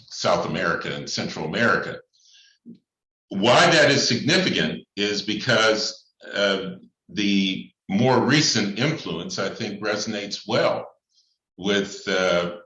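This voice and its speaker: A priest speaking in a thoughtful, measured way, pausing often with fillers as he lays out his points. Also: sits low, pushed and bright. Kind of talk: reflective talk on church and society. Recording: echoey room, slightly dull sound.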